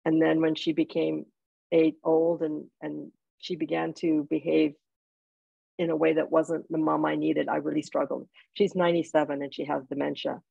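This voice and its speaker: A woman's voice: low voice, flat delivery, moderate pace, creaky, dark tone, husky, no room sound, dull audio. A woman from Jamaica, an author guest in an interview, telling personal stories in a heartfelt way with restarts. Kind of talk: interview conversation.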